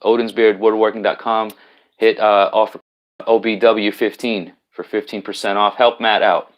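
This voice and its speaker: A man with a lowish voice hosts a casual live stream from home, talking into his laptop. He rambles loosely, stumbling through fillers and restarts as he greets viewers and reads out their comments. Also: flat delivery, moderate pace.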